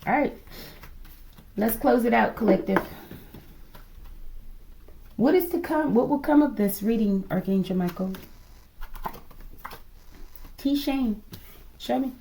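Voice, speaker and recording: A woman's voice: fairly high pitch, takes it slowly, creaky, pauses often, warm tone, a little hiss or hum. A woman giving a casual tarot reading to her viewers, musing aloud, asking the cards to show her and often calling her audience "collective". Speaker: tarot reader.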